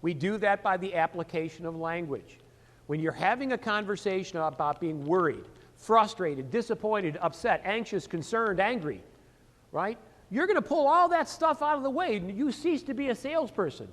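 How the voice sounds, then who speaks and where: A man giving a sales training seminar, animated and full of rhetorical questions he answers himself. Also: high-pitched, normal speed, in a large hall. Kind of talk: seminar lecture.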